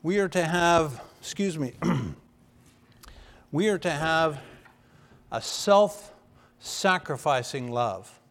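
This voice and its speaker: A middle-aged man preaching a sermon as pastor, earnest and emphatic, with restarts and some throat clearing. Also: fairly high pitch, animated, slow pace, pauses often. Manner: earnest, emphatic, builds to loud stressed phrases.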